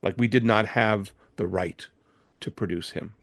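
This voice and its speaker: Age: 70s. Role: interview guest, record producer. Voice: gravelly, mid pitch. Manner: animated storytelling with restarts. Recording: dry, close. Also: male voice, unhurried, dry recording. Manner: animated, with frequent restarts and repeated words.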